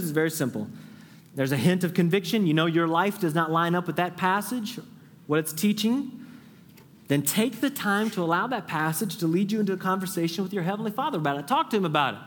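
Man preaching in a big reverberant hall. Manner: earnest, rises to an urgent high pitch when stressing a point; drops to a soft hush when voicing a prayer. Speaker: pastor. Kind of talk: sermon. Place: church sanctuary.

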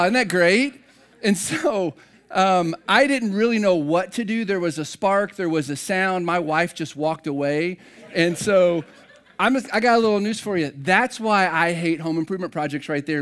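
A man's voice: high-pitched, a bit bright. Pastor, male, 30s, light tenor, self-deprecating storyteller addressing a congregation. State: slightly out of breath at start. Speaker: campus pastor. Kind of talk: humorous sermon opening.

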